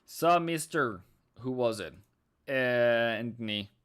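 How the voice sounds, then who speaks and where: Speaking slowly but animatedly, a man with a mid-range, slightly bright, clean voice hangs out on his live trading stream. Norwegian is his first language, and he answers viewer questions, reads messages aloud, chats freely, and sings a line here and there.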